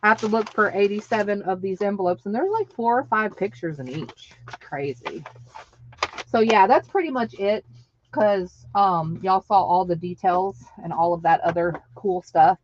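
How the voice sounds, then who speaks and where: A woman's voice: mid-range voice, normal speed, slight background noise. A woman in her late thirties or older, chatting casually on a live stream, laughing often and acting out what people said in her stories. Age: over 35. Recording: dull lo-fi stream audio.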